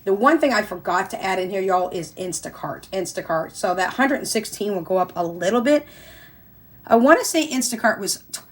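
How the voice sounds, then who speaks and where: An older woman speaking in a mid-range voice, chatting to her viewers about her monthly budget. She talks in a loose, friendly way, keeps calling them "y'all", and gets excited as she retells things. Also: mid-range voice. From Missouri. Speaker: budgeting vlogger. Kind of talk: casual chat to viewers.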